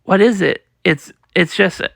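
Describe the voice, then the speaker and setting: A smug, scheming villain, as a man reads him aloud, drawling slowly with a high, gravelly tone. The voice sounds bright and edgy in a dry, close recording. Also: no room sound, exaggerated voice. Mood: gloating. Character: smug scheming male wax-wielding villain.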